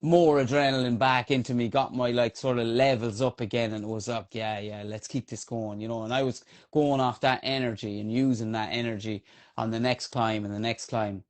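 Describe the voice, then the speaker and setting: A man with an Irish accent, a trail runner on a podcast, telling a race story in a lively, casual way with many fillers and swearing. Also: medium pitch, brisk.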